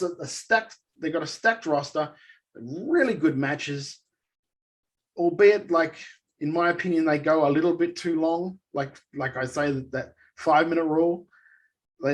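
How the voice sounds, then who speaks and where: A man co-hosting a wrestling podcast, ranting in an animated, exasperated way during casual chat. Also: fairly high pitch, normal speed. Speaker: podcast co-host.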